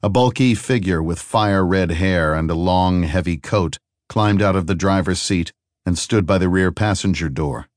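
A man reading a novel aloud in a steady, measured way. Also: deep voice, no room sound, studio quality. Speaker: audiobook narrator. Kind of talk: scripted narration.

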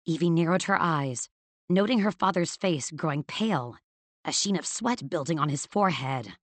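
Low-voiced woman narrating a story. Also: expressive, moderate pace, no echo. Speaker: audiobook narrator. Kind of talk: scripted fantasy narration.

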